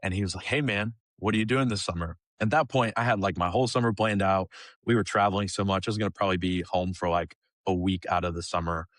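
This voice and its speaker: Low-voiced young man telling a story. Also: quick pace, no room sound, studio quality. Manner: animated storyteller who acts out quoted dialogue; casual, with frequent fillers like "like" and "um". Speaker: kids ministry leader, podcast guest. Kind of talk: conversational storytelling.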